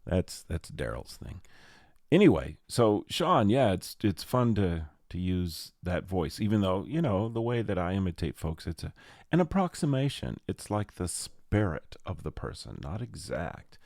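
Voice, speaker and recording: A man's voice: low-pitched, sing-song, unhurried, gravelly, darkish tone, no echo, clean studio sound. A man hosting a podcast as a casual monologue, playful and rambling with jokey asides. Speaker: podcast host and jazz arranger.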